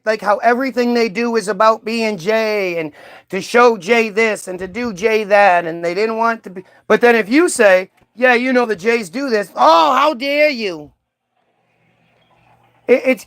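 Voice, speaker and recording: A man's voice: sits high, a bit bright, no echo. A man giving heated, profane commentary, stumbling and repeating words as he reads aloud and reacts. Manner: ranting, profane, repeats words when worked up.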